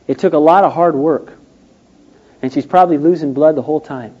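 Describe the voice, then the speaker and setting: Male preacher, slightly high, warm voice, storytelling sermon, dull lo-fi recording. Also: brisk, husky. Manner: storytelling with acted-out quotes, rising and falling emphasis.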